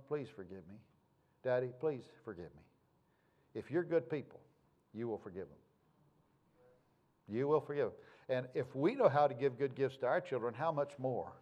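A man's voice: medium pitch, highs cut off. A male pastor, preaching in a folksy, conversational way with homespun sayings. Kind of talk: sermon.

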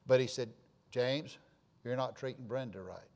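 A male pastor preaches to his congregation. He tells stories in a plain, middle-range voice. He drops to hushed asides and then rises to loud, emphatic lines. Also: mid-range voice, moderate pace. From Florida. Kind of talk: sermon.

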